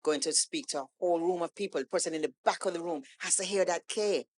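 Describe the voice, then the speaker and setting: Woman, low voice, animated storyteller, podcast guest, acts out dialogue. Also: quick pace. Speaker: guest poet. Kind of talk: casual storytelling in an interview.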